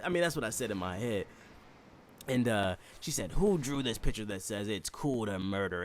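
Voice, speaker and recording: Animated, profane young man telling a story. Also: on the low side, normal speed, a little hiss or hum. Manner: profane, animated, laughs often, mimics voices. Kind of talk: comedic storytelling monologue.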